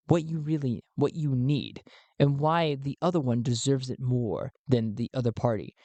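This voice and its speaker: A man voicing a calm male diplomat who speaks slowly and formally in a lower voice. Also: dry recording, lightly acted. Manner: measured, formal, deep and slow.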